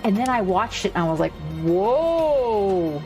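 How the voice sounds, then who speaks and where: A woman's voice: medium pitch, racing, creaky, darkish tone, faint music behind. A woman from Hawaii chatting casually with her stream viewers while she paints, rambling, swearing and joking.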